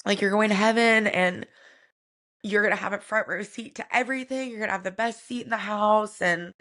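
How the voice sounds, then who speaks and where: A woman co-hosting a podcast, telling a personal family story in a soft, reflective way with many casual fillers. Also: medium pitch, steady tone, brisk. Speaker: podcast co-host.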